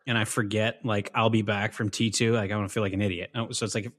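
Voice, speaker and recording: A man's voice: on the low side, flat delivery, quick pace. A man co-hosting a movie podcast, chatting with casual enthusiasm. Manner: enthusiastic, says dude a lot. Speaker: podcast co-host. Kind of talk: casual chat.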